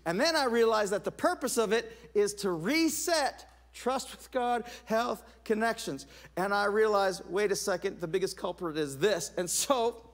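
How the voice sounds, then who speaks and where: A middle-aged man preaching a sermon, telling stories in an animated way, with laughs and restarts. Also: high-pitched, normal speed, hardly any pauses. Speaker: pastor.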